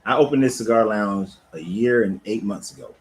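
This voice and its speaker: The audio is poor, and the man's voice sits on the low side at a normal speed. He coaches people on life and owns a cigar lounge, from which he livestreams casual, profane talk full of laid-back, animated stories.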